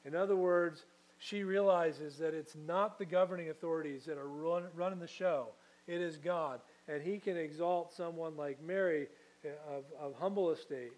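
A man's voice: on the high side, a little mellow, rough recording. Give me a man preaching earnestly, putting questions to his congregation. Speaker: pastor. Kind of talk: sermon.

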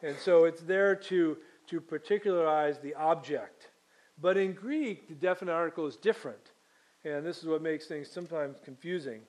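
A man's voice: fairly high pitch, moderate pace, a little mellow. A man preaching a sermon, reading scripture aloud and then teaching it with frequent fillers and restarts. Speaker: pastor.

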